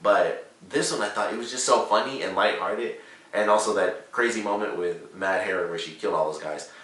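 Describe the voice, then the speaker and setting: A man giving a casual, rambling spoken review of a TV episode, excitable and full of "like" and "you know". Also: lowish voice, a little fast. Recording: roomy echo, distant from the mic.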